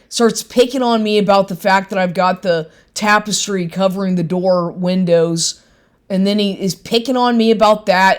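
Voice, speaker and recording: A woman's voice: mid-range voice, normal speed. A woman venting angrily in a monologue, swearing heavily and restarting her sentences. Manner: heavy profanity, repeated restarts, indignant.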